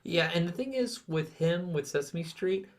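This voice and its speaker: A man's voice: on the high side, lively intonation, normal speed. A man co-hosting a podcast, chatting in an easygoing, joking way with loose phrasing. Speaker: podcast co-host. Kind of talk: casual chat.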